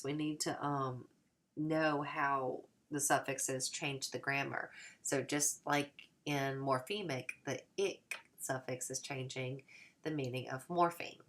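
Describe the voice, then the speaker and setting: A woman with a very low, gravelly voice teaches in a recorded lecture. She explains patiently, often pausing on fillers and starting sentences over. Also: a bit bright. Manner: explanatory, with frequent fillers and restarts. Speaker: teacher trainer.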